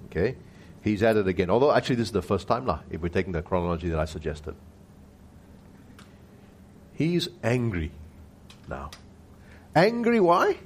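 A man giving an expository Bible teaching who keeps asking his listeners rhetorical questions and slows down to stress key words. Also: fairly low pitch, sing-song, a little hiss or hum.

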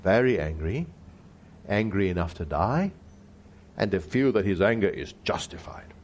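A man giving an expository Bible teaching who keeps asking his listeners rhetorical questions and slows down to stress key words. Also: low-pitched, animated, darkish tone, slight background noise.

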